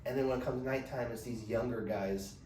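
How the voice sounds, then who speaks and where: A man's voice: mid-range voice, steady tone, a little fast, a little mellow. A young man on a podcast, telling a long rambling story in casual slang and acting out quotes. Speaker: podcast host. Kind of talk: casual chat. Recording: echoey room, mic at a distance, faint noise.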